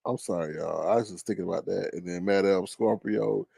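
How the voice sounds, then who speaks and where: A young man hosting a casual commentary stream, ranting loudly and mockingly to his live chat, swearing often. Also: moderate pace, creaky, husky, no room sound. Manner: loud, profane, mocking rant with big pitch swings. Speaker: commentary show host.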